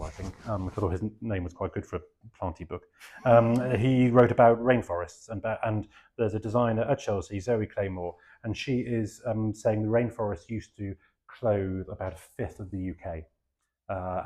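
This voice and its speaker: A man's voice: fairly low pitch, darkish tone. A middle-aged man from England with a southeast English accent, giving a rambling, self-deprecating talk with many fillers. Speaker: garden designer giving a talk. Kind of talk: chatty public talk.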